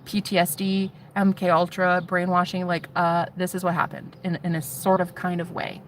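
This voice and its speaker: A woman's voice: fairly low pitch, little pitch movement, moderate pace, slight background noise. A woman vlogger telling an intense personal testimony, swearing and speaking straight to her viewers.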